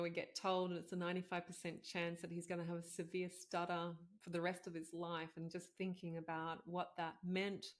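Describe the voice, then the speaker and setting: A woman in her thirties with a slightly low voice, hosting her own show. She tells a personal story in a heartfelt, conversational way, full of "like" and "you know.". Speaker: podcast host, integrative doctor.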